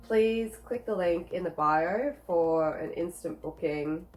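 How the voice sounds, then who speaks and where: A woman, a psychologist giving a measured talk with light jokes. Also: on the low side, a little mellow, faint music behind, low-quality recording. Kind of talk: scripted talk to camera.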